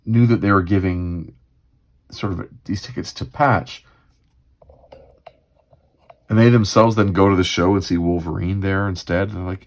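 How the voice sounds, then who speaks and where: Gravelly, low-voiced man musing aloud. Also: fairly even intonation, moderate pace, long pauses. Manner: musing, rambling, with fillers. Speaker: comics read-through host. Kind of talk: casual livestream commentary.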